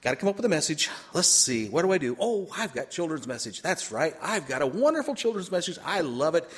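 A man preaching a storytelling sermon, animated, swinging between loud bursts and quiet asides. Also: a little high, a little fast, breathy edge. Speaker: pastor.

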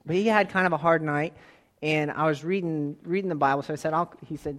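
A man preaching a sermon as pastor. He puts questions straight to the congregation, swinging between loud exhortation and quiet asides. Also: on the high side, fairly quick.

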